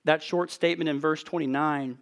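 A man preaching an expository sermon in an earnest, emphatic way, with measured rhetorical pauses. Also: fairly high pitch, steady tone, a bit bright.

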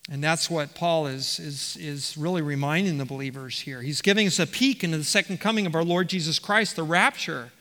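In a reverberant hall, a man with a highish, sharp-toned voice delivers an expository sermon as pastor. Working verse by verse, he reads passages aloud and often starts his phrases over.

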